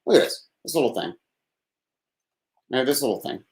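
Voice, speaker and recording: A man's voice: mid-range voice, sing-song, fairly quick, gravelly, a little mellow. A man hosting a live call-in show alone at his desk, rambling and self-deprecating, sighing and swearing, with a thin, slightly whiny voice. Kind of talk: rambling solo live-stream chat. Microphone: desk microphone without processing.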